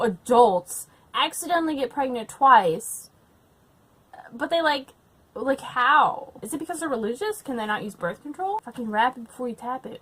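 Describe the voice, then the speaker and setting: A tipsy young woman vlogging from home with a slightly high voice. She rants and swears, breaks into laughter and bursts into loud indignation. Her talk is casual and loose. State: tipsy from wine. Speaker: book vlogger. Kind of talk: casual drunk reading vlog.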